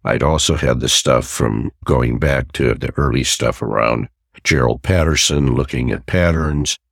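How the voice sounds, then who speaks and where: Older male therapist guest, deep gravelly voice, reflective storyteller. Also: a little slow, no room sound, clean studio sound. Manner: reflective, acts out quoted voices in his stories. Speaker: interview guest, family therapist. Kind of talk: storytelling in a podcast interview.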